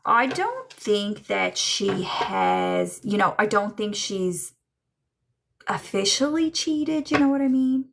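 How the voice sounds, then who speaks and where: A woman doing a live psychic reading for chat viewers, slow and musing, with many ums and trailing thoughts. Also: medium pitch, animated, creaky. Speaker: psychic medium.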